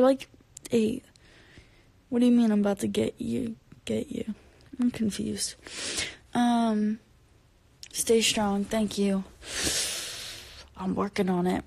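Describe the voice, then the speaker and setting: A woman's voice: a little high, creaky, mellow, no echo. A tired woman chatting casually on a late-night livestream from home, reading fans' comments, rambling and giggly and sometimes dropping into whispers. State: tired from no sleep. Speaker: singer livestreaming to fans. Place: at home at bedtime, indoors. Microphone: phone camera held close.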